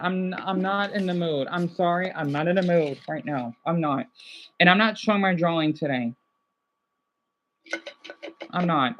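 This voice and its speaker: A high-pitched man with a fairly bright tone livestreams casually, rambling, upset and burnt out, apologizing often between agitated outbursts. The audio is dull with a little hiss or hum.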